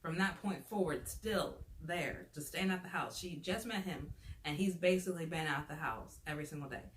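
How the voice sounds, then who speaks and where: A woman's voice: sits low, moderate pace. A woman telling a storytime in a casual, chatty way, sounding fed up and leaning on "like" as she talks. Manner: chatty and exasperated, leans on "like" as a filler. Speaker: vlogger. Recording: roomy echo with faint noise.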